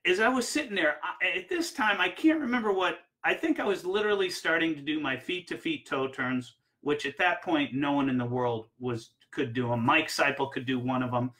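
Male ski coach, bright, slightly high voice, energetic storyteller with lots of fillers. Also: low-quality recording. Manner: energetic, anecdotal, with frequent fillers. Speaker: barefoot water ski coach. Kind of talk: instructional talk with personal stories.

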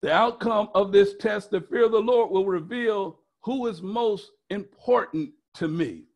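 A man's voice: high-pitched, a little slow. A male pastor preaching a sermon, emphatic and repetitive, prompting the congregation with questions.

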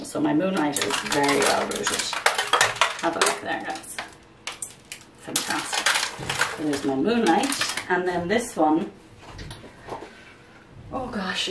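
A middle-aged woman chatting casually while she repots her plants, rambling and calling her viewers "guys". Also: low voice. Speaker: plant vlogger. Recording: echoey room, distant mic, background noise.

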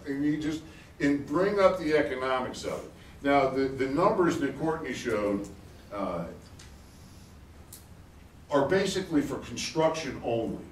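A middle-aged man giving a live conference talk in an animated, excitable way, laughing as he speaks. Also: medium pitch, measured pace, pauses often, a little hiss or hum. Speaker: conference speaker, energy advocate. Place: conference hall. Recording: roomy hall, distant mic, faint ambience.

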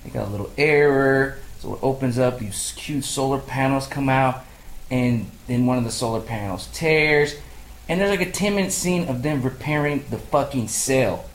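A man's voice: mid-range voice, moderate pace, roomy sound, rough recording. A man casually ranting in a movie review, swearing freely and acting out his own reactions. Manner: profane, animated storytelling, mimics his own reactions. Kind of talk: casual rant.

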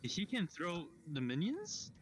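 A man chatting while gaming with friends, excitable and animated, stammering when worked up. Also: sits high, slow. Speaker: friend playing along. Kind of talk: casual chat while gaming.

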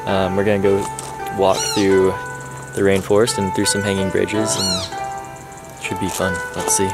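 A man with a very low voice talks to a handheld camera outdoors, laid-back and a little halting as he explains where he is. Loud music plays under his voice throughout. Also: monotone. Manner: easygoing, halting with fillers and repeats. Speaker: travel vlogger. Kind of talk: casual travel vlog narration. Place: outdoors at a volcano and waterfall.

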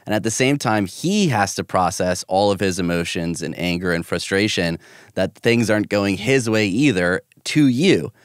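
Deep-voiced male podcast host. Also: animated, normal speed, no echo, studio quality. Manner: thoughtful, sums up the guest's point. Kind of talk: reflective interview question.

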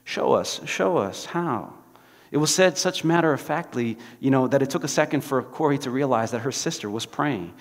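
With hardly a pause, a man preaches at a fairly quick clip in a mid-range voice. He's a pastor giving a sermon in a church sanctuary, animatedly narrating and voicing the people he quotes, all wrapped in the long reverb of the hall.

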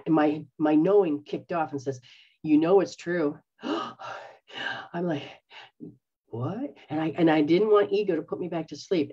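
A woman's voice: medium pitch, a little mellow, breathy edge. A woman who is a psychic medium and spiritual teacher, talking earnestly to her followers and acting out quoted voices. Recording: dull lo-fi sound.

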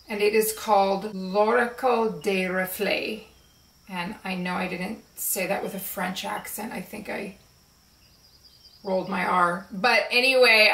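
A woman chatting casually and slowly about her favorite card decks, with relaxed fillers as she shows them. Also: medium pitch, distant mic. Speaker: spiritual video creator. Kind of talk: casual show-and-tell chat. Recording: roomy echo, voice a bit off-mic.

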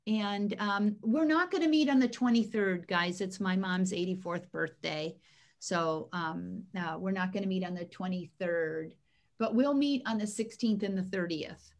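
Woman, dog training teacher, casual class talk, chatty, animated, medium pitch. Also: unhurried. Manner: chatty, animated, acts out her own dog cues.

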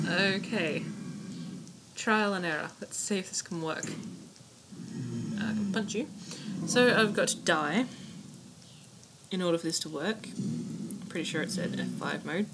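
Her pitch fairly low and her pace measured, a woman hosting a gaming channel gives relaxed let's-play commentary. She's chatty, mutters to herself, swears mildly, and steady clicking can be heard behind her.

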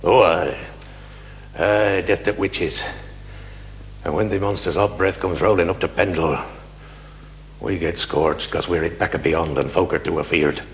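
An actor playing a stern county magistrate who speaks to a jury in a declamatory, questioning manner, from a 1970s television drama. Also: male voice, deep voice, fairly even intonation, measured pace, long pauses, slight background noise. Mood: brooding. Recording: echoey reverberant old film sound.

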